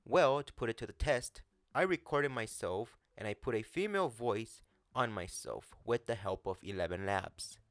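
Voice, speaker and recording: A man's voice: lowish voice, animated, normal speed, fairly bright tone, no echo, clean studio sound. A man hosting a casual commentary vlog, speaking bluntly and swearing now and then. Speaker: commentary channel host.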